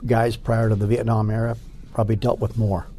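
An older man, a former Marine recruit, recalling boot camp in an interview with halting speech and many restarts. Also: lowish voice, level tone, dark tone, slight background noise. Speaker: Marine Corps veteran interviewee. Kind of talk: oral history interview.

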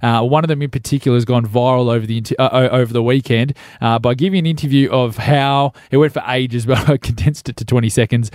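A man's voice: medium pitch, steady tone, quick pace, hardly any pauses, darkish tone, no echo. An Australian man hosting breakfast radio, joking his way through stories and laughing as he goes. His voice sits in a middle range and sounds close and dry at the studio mic, with no room around it. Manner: jokey, laughs often, trails off mid-sentence. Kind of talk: casual radio banter. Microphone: studio microphone.

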